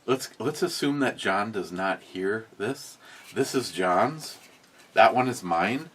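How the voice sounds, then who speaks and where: A man with a lowish voice hosting a casual beer review chat. He rambles through stories in a loose, profane way, and his voice gets animated as he goes. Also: slow. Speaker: beer review podcast host.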